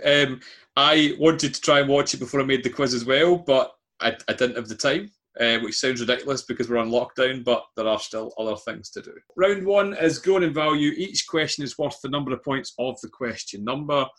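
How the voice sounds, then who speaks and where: A Scottish man runs a relaxed online quiz. He talks in a chatty, self-mocking way and laughs often as he keeps score. His voice sits at an everyday middle pitch. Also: a little fast. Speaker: quiz host. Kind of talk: casual quiz hosting.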